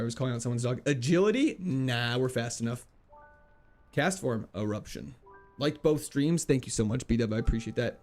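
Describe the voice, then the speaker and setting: Reading chat as he streams a game, a young man keeps things chatty and playful, with quick laughs and jokey mock French. His voice is medium-pitched with a darkish tone.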